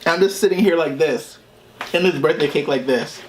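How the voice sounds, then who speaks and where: A man's voice: on the high side, normal speed, a little hiss or hum. Rambling man telling a story while eating. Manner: rambling, restarts often, laughs at own story. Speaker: vlogger.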